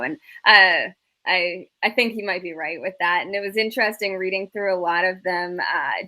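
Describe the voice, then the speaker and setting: A woman guest on a panel chat, summarising news in a measured, hesitant way with many fillers. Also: fairly low pitch, sharp tone.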